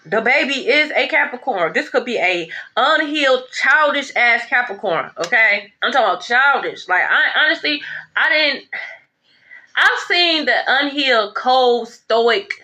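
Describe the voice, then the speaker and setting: A woman's voice: fairly high pitch, lively intonation, a little slow, pushed and bright. A woman giving a blunt, profane, sassy tarot reading in a casual rant. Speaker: tarot reader.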